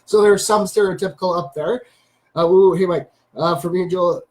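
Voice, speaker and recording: A man's voice: high-pitched, moderate pace, darkish tone, poor audio. A Canadian man hosting a live stream, chatting casually and greeting viewers by name as he rambles.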